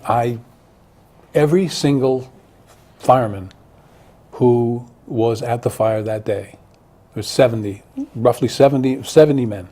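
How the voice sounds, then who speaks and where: A man talks through his novel in an interview with an earnest, searching manner, circling back and repeating words as he finds his thought. His voice sits warm and mellow with a husky edge. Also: medium pitch. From Connecticut. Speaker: author guest. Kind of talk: interview conversation.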